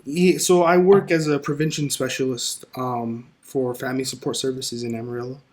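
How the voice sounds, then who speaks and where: A man guesting on a podcast, chatting casually and telling lively stories, acting out what people said. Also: mid-range voice, normal speed. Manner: animated storyteller who acts out quoted dialogue. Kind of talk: casual conversation.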